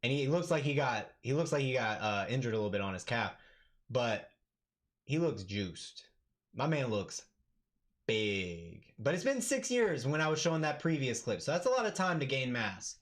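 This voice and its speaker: A man doing live play-by-play commentary on an MMA fight for his stream, talking casually and yelling with excitement at the big moments. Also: mid-range voice, normal speed.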